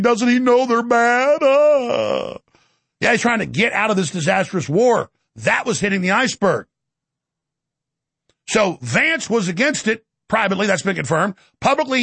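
A man hosting his own show, delivering rapid-fire political commentary in a combative, sarcastic way. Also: high voice, creaky, a bit bright, breathy edge, no room sound. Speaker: show host.

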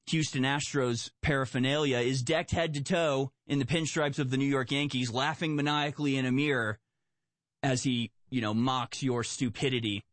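Male commentator, sarcastic and animated, dry close-mic sound. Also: mid-range voice, dry recording. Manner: sarcastic, animated, spins mocking hypotheticals. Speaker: political commentator. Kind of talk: solo political commentary, reading news aloud.

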